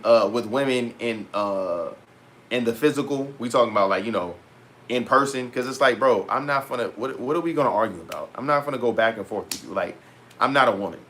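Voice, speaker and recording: A young man vlogging in a casual, animated rant to his viewers, full of slang and repeated asides. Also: medium pitch. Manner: animated, heavy slang, repeats "bro" and "petty". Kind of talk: casual storytelling rant to camera.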